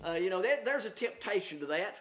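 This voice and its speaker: A man with a notably high voice preaching to his church. He reads old scripture verses aloud, then explains them in a plain, folksy way, often pausing with "uh" and repeating words as he goes. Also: lively intonation. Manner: conversational preaching, reading scripture aloud with many fillers. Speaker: pastor. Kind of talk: sermon.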